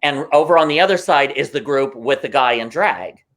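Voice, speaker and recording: A man as a guest on a talk show, telling stories in an animated, emotional way and acting out the voices of the people in them. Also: medium pitch, moderate pace. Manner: excitable, emotional, acts out voices in anecdotes. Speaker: guest performer. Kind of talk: animated interview storytelling.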